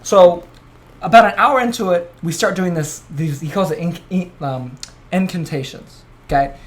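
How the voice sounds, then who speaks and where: A man hosting a podcast in a casual chat, telling stories in an excitable way, full of swearing. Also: sits high, normal speed. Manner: profane, excitable storytelling. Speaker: podcast host.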